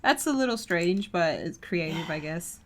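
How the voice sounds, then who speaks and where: A woman's voice: fairly low pitch, expressive, normal speed. A woman co-hosting a podcast, mostly listening and adding dry, short replies. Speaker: podcast co-host. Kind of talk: casual chat.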